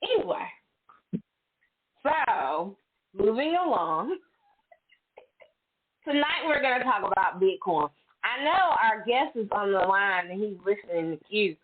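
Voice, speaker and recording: A woman's voice: medium pitch, unhurried, pauses often, breathy edge. A middle-aged woman hosting a casual chat, candid and chatty, acting out her own stories. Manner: candid, chatty, animated self-quoting storyteller. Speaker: host. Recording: tinny phone-like audio.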